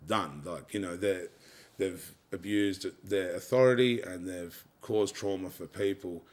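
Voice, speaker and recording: A man with an Australian accent, talking as an interview guest in a frank, casual way, swearing freely and leaning on "you know". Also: sits low. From Tasmania, Australia.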